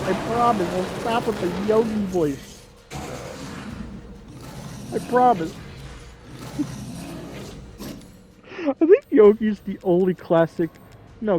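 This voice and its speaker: A man's voice: high voice, darkish tone, a little hiss or hum. A young man in his twenties chatting casually over gameplay, rambling and laughing at his own jokes. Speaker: gaming channel host. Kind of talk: casual let's-play commentary.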